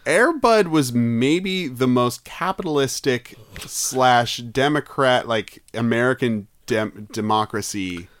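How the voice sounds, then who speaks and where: A man's voice: mid-range voice, expressive, slow, no echo. A man co-hosting a comedy podcast, chatting casually and teasing playfully. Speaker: podcast co-host.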